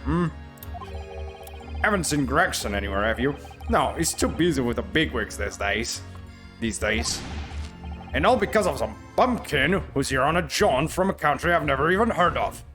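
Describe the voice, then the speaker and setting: A man's voice: a little high, big pitch swings, normal speed, over music. A man doing a blustering English police inspector. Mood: scornful. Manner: blustering, condescending.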